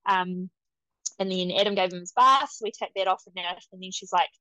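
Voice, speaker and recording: A young woman, a podcast guest telling her story in a casual, animated way, laughing often and quoting others. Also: fairly low pitch, fairly quick, no echo. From New Zealand.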